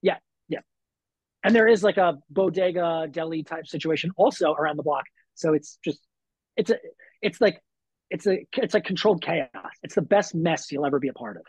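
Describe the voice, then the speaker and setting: Husky high-voiced man telling stories. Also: normal speed, dry recording. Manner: laid-back storytelling, lots of fillers. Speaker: wrestler guest. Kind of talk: casual podcast chat.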